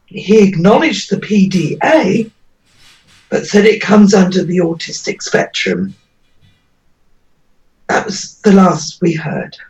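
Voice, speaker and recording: Woman interviewee, emotional and pleading, slow delivery, far from the mic. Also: mid-range voice, darkish tone. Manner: earnest, pleading, voice breaking with emotion. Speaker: interviewee, mother. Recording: dull lo-fi audio, distant from mic.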